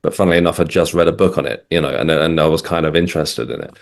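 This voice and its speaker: A man's voice: extremely low pitch, racing, creaky. A middle-aged man from England, a guest in a casual interview, recounting events with frequent hesitations and restarts. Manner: hesitant, restarts, many ums.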